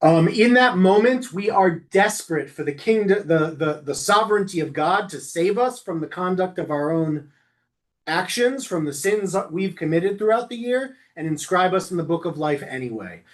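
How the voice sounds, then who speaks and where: A man's voice: sits high, expressive, normal speed. A man leading an informal class for lay leaders, explaining prayer customs in a conversational way and stopping to chant lines as examples. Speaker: rabbi teaching lay leaders. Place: synagogue classroom.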